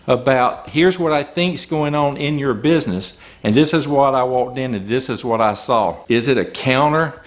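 A man's voice: mid-range voice, moderate pace, hardly any pauses. A man coaching small business owners, talking emphatically and firing off rhetorical questions from the customer's point of view. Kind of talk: business advice talk.

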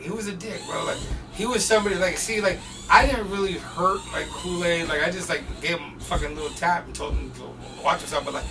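A man's voice: high-pitched, brisk, recorded from a distance, over music. A man from Portland telling profane, laughing stories as a podcast guest, recorded off-mic in a noisy room. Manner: profane, laughing, animated storyteller. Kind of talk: casual storytelling chat.

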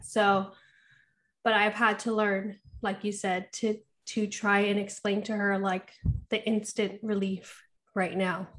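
A woman's voice: medium pitch, flat delivery, slow, a bit bright, slight background noise. A young woman co-hosting a podcast, chatting casually with many fillers and frequent laughs. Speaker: podcast co-host. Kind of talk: casual chat.

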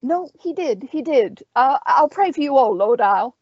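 A fussy, disapproving male priest with a high, fretting voice that keeps tripping over itself, as a woman reader puts him on. He sounds like a storybook character read aloud, with the sound coming through dull and dry. He is nervous and clearly uneasy. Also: lively intonation, unhurried, no echo, full character voice. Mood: flustered.

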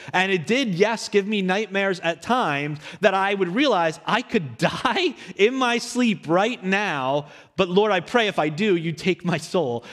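A young male pastor giving a sermon in his church, telling stories from his childhood in a lively storytelling manner. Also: high voice. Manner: storytelling, animated, acts out his younger self in quotes. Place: church sanctuary. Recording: echoey hall.

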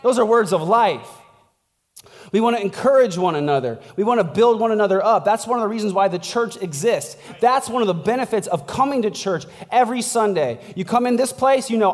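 A man's voice: high voice, animated, a little fast, long reverb tail. A man preaching as a pastor in a casual, conversational sermon, chatty and laughing, tossing in "like" and "right?" as he goes. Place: church.

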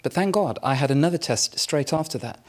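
A man preaching a sermon, telling a personal story in a candid, self-mocking way with dramatic pauses. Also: fairly high pitch, lively intonation. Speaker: pastor.

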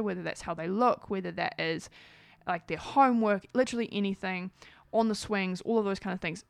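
A woman's voice: medium pitch, vocal fry, dry recording. A woman in her thirties talking frankly and with animation to camera, full of "like" fillers. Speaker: parenting vlogger. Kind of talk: casual talk to camera.

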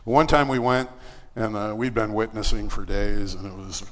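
This man's sermon is a casual personal anecdote, told with fillers and lively impressions of what people said. His fairly low voice moves at normal speed, trailed by long reverb.

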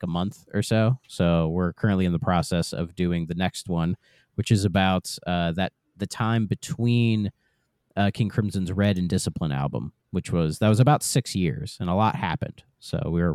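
Deep smooth-voiced easygoing man. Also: no echo, clean studio sound. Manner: easygoing, relaxed, stumbling restarts. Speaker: podcast guest. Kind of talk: casual podcast chat.

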